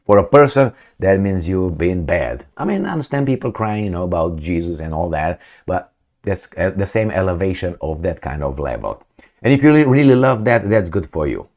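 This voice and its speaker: Man, middle-aged, blunt opinion vlogger, lowish pitch, rambling delivery. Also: a little mellow. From Romania. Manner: blunt, rambling, with many fillers. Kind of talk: opinion commentary.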